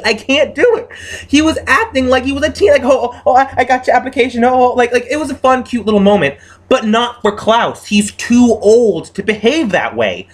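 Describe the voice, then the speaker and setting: A young man giving a casual, exasperated rant reviewing a TV episode, swearing freely and exclaiming often. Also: high-pitched. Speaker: TV show reviewer.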